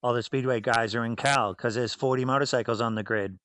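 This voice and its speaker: Man, Boston accent, fifties, blunt storyteller, dry close sound, plain middle pitch. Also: fairly even intonation, a little fast, fairly bright tone, no echo, rough recording. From New England, south of Boston. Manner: blunt, storytelling, acts out voices in anecdotes. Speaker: former racer and team owner. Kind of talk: casual interview.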